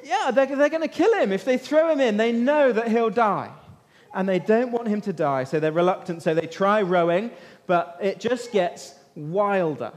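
High-voiced man preaching in a reverberant hall. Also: moderate pace. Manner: lively, questions the listeners and waits for answers. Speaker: preacher leading a Bible talk. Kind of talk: interactive Bible storytelling sermon. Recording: long reverb of a large hall.

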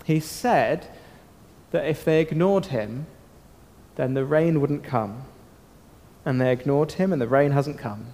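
A man with a slightly high voice gives a lively Bible talk to children, putting questions to them and holding dramatic pauses. He is recorded in a church hall, and a long reverb trails after his words.

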